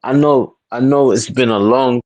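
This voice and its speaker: A man's voice: medium pitch, normal speed, a little mellow, poor audio. A man calling into a live chat, stammering and repeating his words. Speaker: caller. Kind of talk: casual call-in talk.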